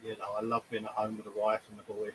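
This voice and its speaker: A man's voice: lowish voice, completely flat delivery, fast talker, slight background noise, low-quality recording. A man chatting casually and jokily while co-hosting a hobby livestream, often mocking himself. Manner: chatty, jokey, self-mocking, breaks into quoted voices. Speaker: co-host of a model-building livestream. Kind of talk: casual chat.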